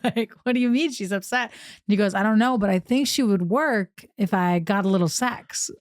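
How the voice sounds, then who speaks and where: A young woman co-hosting a podcast, telling a story in a lively way, acting out the quotes and laughing often. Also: mid-range voice, moderate pace, dry recording, studio quality. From New York. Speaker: podcast co-host. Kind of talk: casual storytelling chat.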